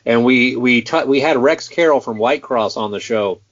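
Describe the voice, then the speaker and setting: A man's voice: medium pitch, normal speed. A man in his forties hosting an interview, chatty and prone to stammering. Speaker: host. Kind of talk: casual interview chat. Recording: dull lo-fi sound.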